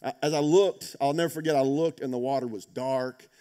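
A pastor gives a sermon in a warm, mellow, mid-range voice with a clean tone, talking fairly quickly and with fairly even intonation. He tells stories conversationally and checks in by asking "right?", moving between loud, emphatic peaks and hushed, intense stretches.

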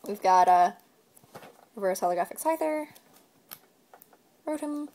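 A woman co-hosting a relaxed video where she opens trading cards. She is chatty, reacts quickly to each card, and talks about the ones she likes. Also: mid-range voice. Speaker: video co-host. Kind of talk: casual card-opening chat.

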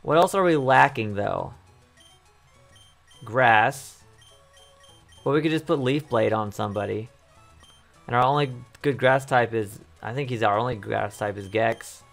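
A man commentating his own video game run in a casual, rambling way, often repeating himself as he thinks aloud. His voice is wearing thin and going hoarse. Faint game music sits behind him. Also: mid-range voice, a little slow, pauses often, a bit bright. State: losing his voice. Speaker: let's play host.

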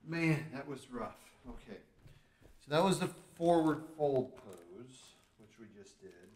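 A dad reads a storybook to his kids, his medium-pitched voice lively in intonation, unhurried, and darkish in tone. He's goofy, groaning and cracking jokes as he attempts each pose in this playful storytime with exercises. The room echoes and he sounds a bit off-mic, far from the microphone.

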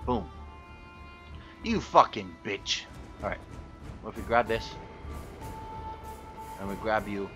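A man's voice: lowish voice, animated, slow pace, long pauses, music in the background. A man giving gameplay commentary, frustrated and swearing as he talks to objects in the game. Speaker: gaming YouTuber.

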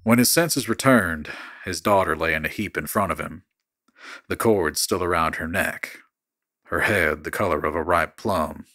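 A man reading a dark horror story in a steady, measured narrating voice. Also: deep voice, no room sound, clean studio sound.

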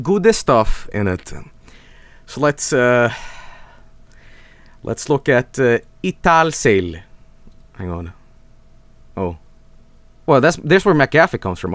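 A male streamer giving rambling, excitable live commentary while clicking through old software, often breaking into laughter. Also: medium pitch, no echo.

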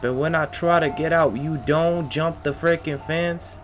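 A man's voice: fairly high pitch, steady tone, measured pace, soft background music. Jittery young man playing a horror game. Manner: jittery, scared, talks to himself and the monster; slangy, keeps saying bro. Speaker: gaming streamer. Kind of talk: horror game let's play commentary.

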